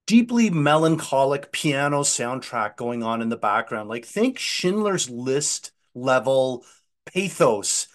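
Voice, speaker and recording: A man co-hosting a podcast, casually reviewing a movie with loud, profane, laughing enthusiasm. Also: medium pitch, takes it slowly. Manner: profane, animated, laughing at the film. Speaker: podcast co-host.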